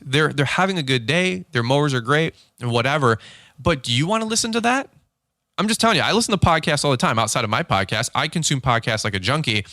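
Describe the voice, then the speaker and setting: A middle-aged man hosts a podcast and talks straight at the listener in a quick, excitable rush. His voice is bright and forceful, and it is recorded dry and close with no room sound. He slips into short acted-out exchanges as he goes. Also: mid-range voice, dry recording. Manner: fast-talking, excitable, acts out quick dialogue. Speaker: podcast host. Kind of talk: unscripted podcast monologue.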